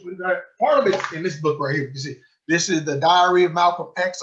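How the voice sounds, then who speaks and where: A man giving a book club talk as a sheikh, telling a story with energy and acting out quoted dialogue. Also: on the high side. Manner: animated storyteller who acts out quoted dialogue. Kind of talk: storytelling lecture. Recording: muffled lo-fi recording.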